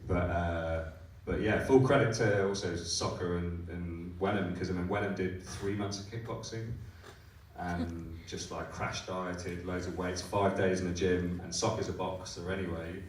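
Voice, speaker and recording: A man's voice: low voice, steady tone, a little slow. A man answering questions as a film director at a live festival Q&A, rambling with many restarts and growing enthusiastic. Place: cinema or hall at a live screening Q&A. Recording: echoey hall, mic from far off, faint noise.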